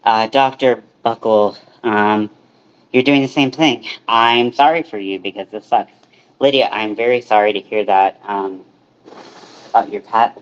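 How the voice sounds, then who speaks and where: A man's voice: on the low side, highs cut off. A man hosting a casual livestream from his kitchen, rambling with lots of fillers and restarts. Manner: rambling, filler-heavy, self-interrupting. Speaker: livestream host. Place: small home kitchen.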